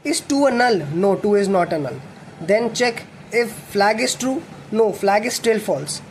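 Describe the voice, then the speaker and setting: A young man with a high-sitting, animated voice teaches coding at an unhurried pace, explaining as he writes and correcting himself along the way. The recording has faint background noise.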